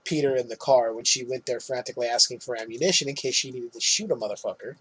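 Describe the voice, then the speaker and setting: A man's voice: medium pitch, fast, fairly bright tone, a little hiss or hum, rough recording. A man podcast co-host recapping a film in casual chat, loose and swearing, laughing often.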